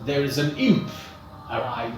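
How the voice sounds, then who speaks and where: A man narrating a tabletop game as dungeon master, unhurried and searching for words, recorded far off in an echoey room. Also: medium pitch, very animated, over music. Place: local gaming shop.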